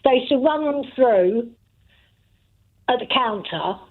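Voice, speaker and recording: A woman's voice: on the high side, lively intonation, takes it slowly. An older Englishwoman calling a radio show, telling a story in a chatty way with laughs. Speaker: radio caller. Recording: tinny phone line.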